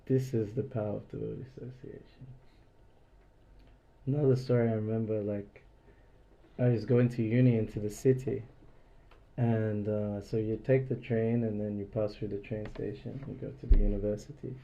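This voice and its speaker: Mellow-voiced man telling rambling stories. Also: fairly low pitch, level tone, normal speed, creaky, pauses often, dull audio. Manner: rambling storyteller, many "like" fillers, acts out dialogue. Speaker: speaker giving a devotional class. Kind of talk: informal storytelling class. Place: indoors in a private house.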